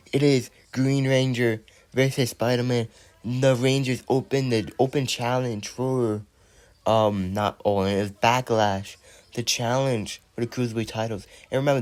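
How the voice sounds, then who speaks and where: A man who is sick and speaking low, giving play-by-play wrestling commentary and counting out the pins. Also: darkish tone, dry recording. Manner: counts pins aloud and announces winners.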